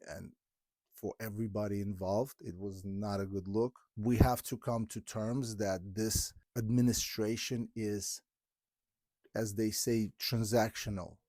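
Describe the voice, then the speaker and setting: A man's voice: fairly low pitch, fairly even intonation, unhurried, darkish tone, no room sound, clean studio sound. A man from Ukraine, hosting a podcast and speaking earnestly and from the heart, often breaking off and restarting. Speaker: podcast host. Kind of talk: candid podcast conversation.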